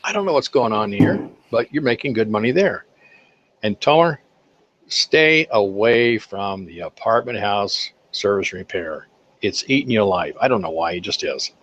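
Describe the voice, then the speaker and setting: An older man, the guest of an interview, telling folksy, animated anecdotes about his accounting work with contractors and acting out the quotes. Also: on the low side, moderate pace. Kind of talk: casual interview storytelling. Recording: slightly dull lo-fi sound.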